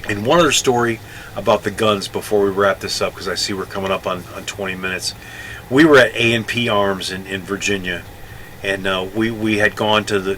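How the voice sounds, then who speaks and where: Chatty older man, bright forceful voice. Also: fairly low pitch, a little hiss or hum, poor audio. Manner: rambling, self-correcting, chatty. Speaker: Navy veteran storyteller. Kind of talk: casual storytelling.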